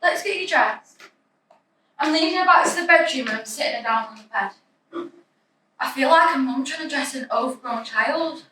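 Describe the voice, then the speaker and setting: A woman's voice: sits high, moderate pace, sharp tone. A young woman narrating her own story in the first person, in an anxious, breathless, confessional way. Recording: echoey room, distant mic, faint noise.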